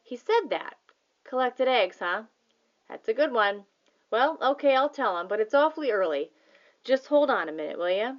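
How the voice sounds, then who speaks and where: Woman doing a husky, sleepy gruff man. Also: a little high, expressive, normal speed, muffled recording, close to an everyday voice.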